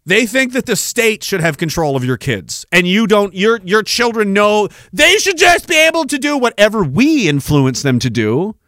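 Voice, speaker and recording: A man's voice: high voice, sing-song, moderate pace, hardly any pauses, a bit bright, no echo. A man hosting a podcast, ranting about politics in a profane, sarcastic way. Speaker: podcast host.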